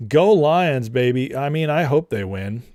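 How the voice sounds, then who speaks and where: A man's voice: medium pitch, animated, measured pace, darkish tone, dry recording, clean studio sound. A man hosting a casual political livestream, mocking and laughing often as he greets his chat by name. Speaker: livestream host.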